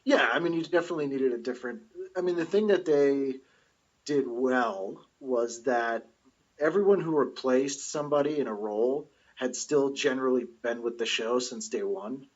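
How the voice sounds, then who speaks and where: A husky man in his forties, a comedian guesting on a casual podcast, who explains things in detail. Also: medium pitch, normal speed, highs cut off. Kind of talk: casual chat.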